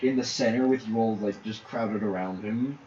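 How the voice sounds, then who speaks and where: Halting man narrating as game master. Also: lowish voice, a little mellow, echoey room, muffled recording, slight background noise. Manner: halting, filler-heavy storytelling.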